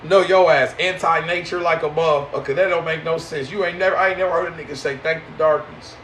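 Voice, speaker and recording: A man with a fairly high voice preaches in to a live audience. He talks in slang, swinging between loud outbursts and low mocking asides. A faint hum of ambience sits behind him. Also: fairly even intonation, fast talker. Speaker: spiritual teacher.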